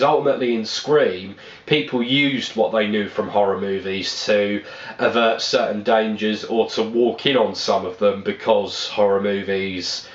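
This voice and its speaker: A man's voice: mid-range voice, roomy sound, dull audio. A man giving a casual spoken movie review, rambling and blunt, swearing freely.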